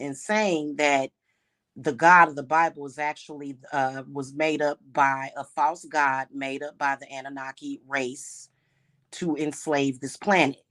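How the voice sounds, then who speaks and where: A woman's voice: low-pitched, a bit bright. A woman who practices witchcraft and hosts her own channel, talking in an emphatic, indignant unscripted monologue full of restarts and repeated words.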